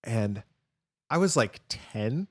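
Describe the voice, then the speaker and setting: A man's voice: medium pitch, expressive, slow, dry recording, clean studio sound. A man co-hosting a podcast, chatting casually and telling rambling, jokey stories. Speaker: podcast co-host. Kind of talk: casual chat.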